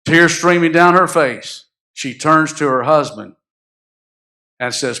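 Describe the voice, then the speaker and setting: A man preaching from the pulpit as pastor. His voice is bright and forceful, and he moves from quiet storytelling to high, impassioned exhortation, putting questions straight to the congregation. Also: measured pace. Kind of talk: sermon.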